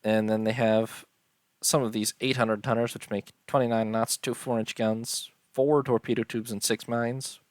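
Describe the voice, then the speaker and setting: A man giving casual, unhurried commentary on a strategy game, tired and yawning, filling pauses with ums and uhs. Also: medium pitch, little pitch movement, no room sound, clean studio sound. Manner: unhurried, listing details with many ums and uhs. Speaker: strategy game let's-player.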